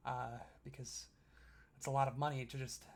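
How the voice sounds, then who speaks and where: A man's voice: mid-range voice, flat delivery, moderate pace, natural voice. A man voicing a nervous, sweaty, balding older shopkeeper who stammers and apologizes over and over. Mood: jittery.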